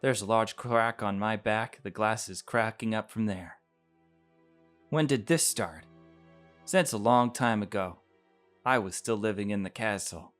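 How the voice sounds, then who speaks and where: A man reading a visual novel aloud, voicing a gentle but bold young princess made of glass who speaks calmly, frankly and kindly. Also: fairly low pitch, a little slow, soft background music, close to an everyday voice. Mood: quiet. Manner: calm, frank and kind.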